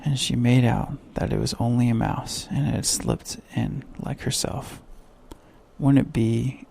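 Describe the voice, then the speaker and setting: A man narrating a sleep story with slow, soft bedtime reading. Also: medium pitch, steady tone, gravelly, slightly rough.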